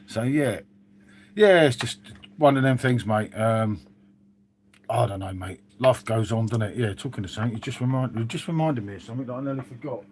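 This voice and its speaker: A man's voice: mid-range voice, a little fast, a little mellow, slight background noise. A man chatting casually on a live stream, reading out viewer comments with lots of "mate" and "um".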